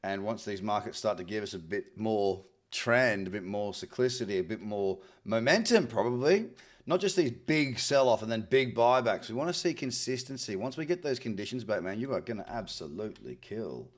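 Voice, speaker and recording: An Australian man with a lowish, expressive voice hosts a live trading stream at a moderate pace. Scanning charts, he chats upbeatly, repeats words often and replies to viewers.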